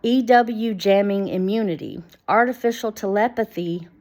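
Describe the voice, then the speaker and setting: A woman talking to camera in a halting, rambling way, full of fillers and restarts, and reading passages from screenshots aloud. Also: mid-range voice, a little mellow. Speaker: vlogger.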